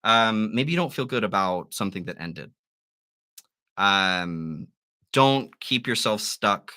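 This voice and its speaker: A man with a bright, forceful tone hosts a live tarot stream. He muses over each card aloud and encourages his listeners gently. His voice sits on the lower side. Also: lively intonation, takes it slowly. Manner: musing, gently encouraging, with soft laughs. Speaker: tarot reader.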